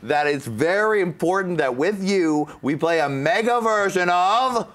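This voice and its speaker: A male talk show host with a high, sing-song voice that swings up and down. He plays it campy and theatrical, drawing out his catchphrase in a big shout. Faint room noise sits under him. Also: lively intonation, a little slow. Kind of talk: campy game-show hosting.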